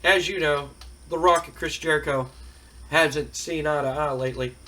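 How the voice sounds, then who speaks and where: A man's voice: fairly high pitch, fairly even intonation, normal speed, sharp tone. A man hosting and narrating a simulation game in a rambling, colloquial way. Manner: rambling, colloquial storytelling with fillers. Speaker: game host.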